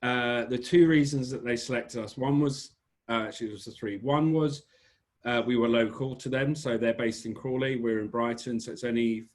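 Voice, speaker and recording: Guesting on a casual podcast, this English-accented British small business owner rambles through stories and keeps correcting himself along the way. He speaks at medium pitch with fairly even intonation and a moderate pace.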